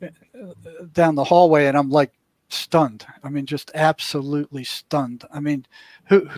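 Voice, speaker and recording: An older man with a voice a little higher than most men's tells a story to an interviewer, acting out what people said along the way. The sound is dry and close, with no room around it. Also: fairly even intonation, a little slow, darkish tone, dry recording. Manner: vivid storyteller who acts out what people said. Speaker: interview guest, former prison mental health worker.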